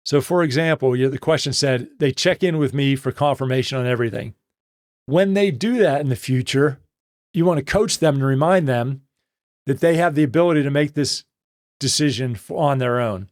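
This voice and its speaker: Middle-aged guy answering leadership questions live, tells stories and plays out the dialogue, mid pitch, dry close mic. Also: normal speed, no echo. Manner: animated storyteller, acting out quoted dialogue. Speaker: host answering listener questions. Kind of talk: live Q&A advice talk.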